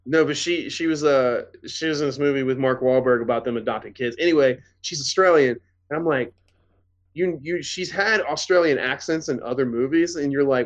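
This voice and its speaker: A man's voice: mid-range voice, fairly quick. Rambling, swearing podcast guy. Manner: rambling, profane, animated. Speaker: podcast co-host. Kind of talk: casual chat.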